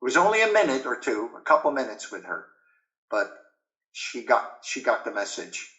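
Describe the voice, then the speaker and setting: A man's voice: mid-range voice, big pitch swings, normal speed, sharp tone, echoey room, highs cut off. An older man with an American accent, speaking earnestly and with feeling as an interview guest over a video call. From United States. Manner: heartfelt, earnest, emotional when recalling honors. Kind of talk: warm reflective conversation.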